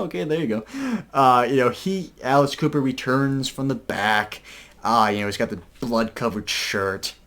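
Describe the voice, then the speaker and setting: A man's voice: lowish voice, a bit bright. Rambling young man reviewing a concert. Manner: rambling, filler-heavy chat. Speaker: video reviewer. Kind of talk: casual concert review vlog.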